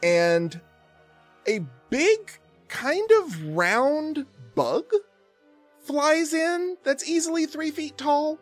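Game master, relaxed storyteller, animated delivery, faint music bed. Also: sits high, drawn-out words. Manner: relaxed, explains rules plainly. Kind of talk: narrating a tabletop game.

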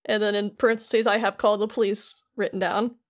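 A woman's voice: medium pitch, level tone, brisk. A woman co-hosting a podcast, casually recapping a video game, laughing often and acting out lines in jokey voices. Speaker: podcast co-host.

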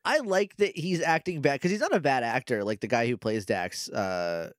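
A man's voice: mid-range voice, moderate pace, no echo, studio quality. A man co-hosting a podcast, chatting casually about a show and laughing often. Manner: animated, laughs often, acts out scene dialogue. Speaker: podcast co-host. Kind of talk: casual chat recapping a show.

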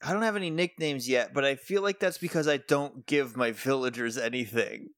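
A man's voice: mid-range voice, a little fast, fairly bright tone, no room sound. Easygoing man laughing often, dry mic. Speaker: podcast co-host. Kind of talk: casual chat.

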